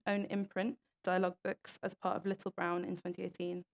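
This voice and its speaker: A young woman giving a talk at an event, reading stories aloud in an earnest way and tripping over a word now and then. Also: medium pitch. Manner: earnest, with small stumbles and restarts. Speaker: speaker at an event.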